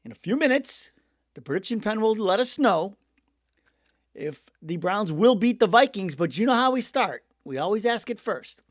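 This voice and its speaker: A man's voice: high-pitched, very animated, normal speed, no echo, studio quality. A middle-aged man hosting a sports show, a little sick, talking in a jokey, rambling way and laughing at himself. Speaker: sports podcast host. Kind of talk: casual sports chat.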